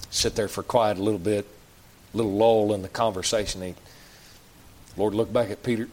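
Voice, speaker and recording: A man's voice: lowish voice, moderate pace, long pauses, a little mellow. Folksy preacher man. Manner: folksy preaching, rhetorical questions, plain rural phrasing. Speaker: pastor. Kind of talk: sermon. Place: church.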